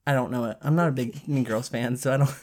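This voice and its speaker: A woman in casual, playful talk about an audiobook, blunt with her opinions and quick to laugh. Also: rumbling low, a little mellow. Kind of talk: casual book review chat.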